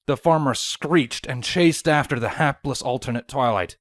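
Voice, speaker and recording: A woman narrating a fanfiction story with an expressive reading. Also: a bass voice, moderate pace, dry recording, clean studio sound. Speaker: fanfiction reader.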